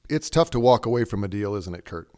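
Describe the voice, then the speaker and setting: A man hosts a podcast and puts direct questions to his guest. His voice is very low and smooth, with a clean, resonant tone. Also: lively intonation, fast talker, darkish tone. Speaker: podcast host. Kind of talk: interviewing a guest.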